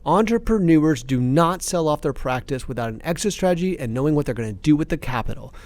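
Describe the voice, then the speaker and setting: A man in passionate podcast talk, fired up and emphatic, ranting with quick restarts. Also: a little high, lively intonation, darkish tone. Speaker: company CEO, podcast guest expert.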